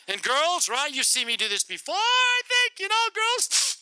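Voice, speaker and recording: Middle-aged man, comic testimony storytelling, high lively voice, very bright tone. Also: moderate pace, dry recording, low-quality recording. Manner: animated, comic, repetitive storytelling. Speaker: guest speaker to youth group.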